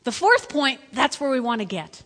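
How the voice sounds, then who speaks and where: A woman pastor preaching a lively sermon in church, swinging between loud calls and hushed asides. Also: sits high, moderate pace. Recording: echoey hall.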